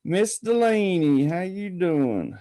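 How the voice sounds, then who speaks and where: A man hosts a casual call-in show with a mellow, relaxed tone and an easy, rambling flow. His voice sounds close and dry, with no room echo. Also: sits high, slow pace. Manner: folksy, rambling, greets viewers by name. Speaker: podcast host. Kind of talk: casual live-stream chat.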